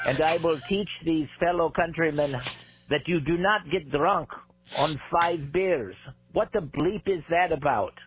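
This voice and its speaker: A man's voice: on the high side, unhurried, a bit bright, a little hiss or hum. A man leaving a voicemail in a put-on Russian accent, pretending to be a disgruntled hockey player. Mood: grumbling. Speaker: caller. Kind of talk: comic voicemail impression. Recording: lo-fi voicemail line.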